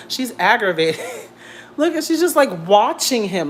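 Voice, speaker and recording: A young man vlogging from home in a casual rant, animated and blunt, repeating himself and swearing freely. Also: high-pitched, slow pace. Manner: animated, repetitive, blunt and profane.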